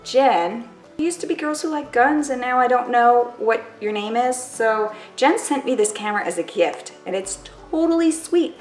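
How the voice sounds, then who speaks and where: A woman's voice: on the high side, animated, moderate pace, reverberant, faint music behind. A woman vlogging at home in casual chat to camera, chatty and self-mocking, full of "like" and "totally".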